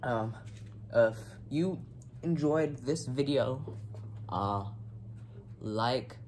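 A man doing a comedic spicy food challenge vlog, talking in a halting deadpan way and coughing from the heat. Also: medium pitch, a little hiss or hum. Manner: slow, halting deadpan delivery between coughs. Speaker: vlogger.

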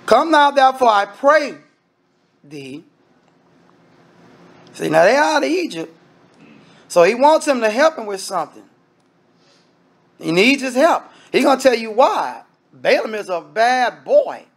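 A man's voice: very high voice, very animated, moderate pace. A man preaching a sermon in an emphatic, conversational style, speaking straight to the congregation.

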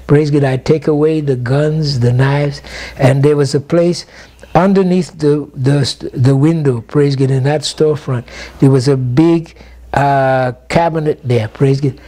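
An older bishop recalls his early ministry in a fairly high yet mellow, warm voice. He punctuates almost every phrase with a refrain of "praise God, my God", which gives his storytelling a steady, rhythmic sway. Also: unhurried. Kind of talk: storytelling interview.

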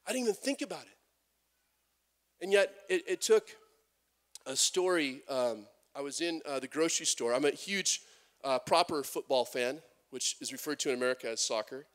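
A man preaching a sermon as pastor, animated, with many restarts and acted-out quotes. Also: a little high, moderate pace.

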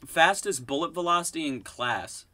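A young man chatting casually while gaming, excitable and profane, laughing a lot. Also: a little high, moderate pace, a little hiss or hum. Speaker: gamer.

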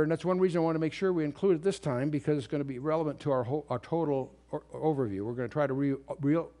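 A man's voice: fairly high pitch, warm tone. A man giving an unscripted Bible commentary lecture, reading old King James verses aloud and explaining them emphatically, with restarts and fillers. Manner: reads scripture aloud in King James wording. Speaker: Bible teacher. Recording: remastered lecture recording.

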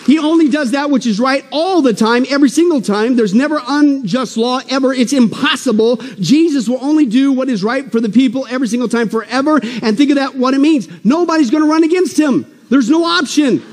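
A man preaching a sermon at a prophecy conference, joking and animated, swinging from loud emphasis to soft asides. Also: very high voice, brisk, few pauses. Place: church hall. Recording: long hall reverb.

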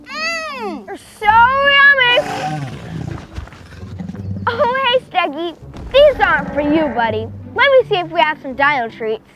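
Brief: woman park ranger for a kids' dinosaur video, very high pitch, slow and bouncy, playful and over the top, background music. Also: big pitch swings. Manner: playful, exaggerated, scolding dinosaurs. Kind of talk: scripted children's video acting.

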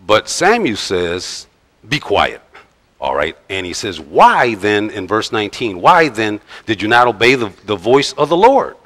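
A male pastor preaching a sermon in a conversational, halting way, with frequent pauses and restarts. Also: fairly low pitch, sing-song, a bit bright. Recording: long reverb of a large church hall.

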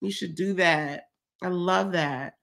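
Gal vlogger, bright tone, kinda stuffy nose, chatty and effusive, lots of y'all. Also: female voice, fairly low pitch, slow, vocal fry. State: stuffy from a cold. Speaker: vlogger hosting a fitness check-in livestream. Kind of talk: casual livestream chat reading comments.

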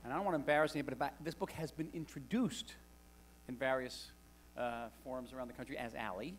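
A man's voice: medium pitch, fast talker, a little hiss or hum. A man speaking to a live audience as a guest author, wry and conversational, telling stories with animation. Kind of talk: public talk to an audience. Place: lecture hall with live audience.

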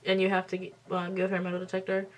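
A beauty vlogger in her twenties talks fast to her camera mic at home, doing her makeup while she tells a story. Her voice is lowish and completely flat, and she's blunt and emphatic, swearing freely.

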